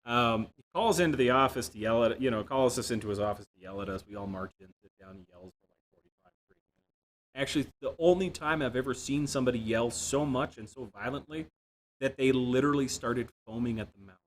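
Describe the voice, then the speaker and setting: A man giving a software development talk, telling self-deprecating stories with jokes. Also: mid-range voice, fast talker. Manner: self-deprecating, jokey storytelling. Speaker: conference speaker. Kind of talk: tech talk with anecdotes. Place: room without a live audience.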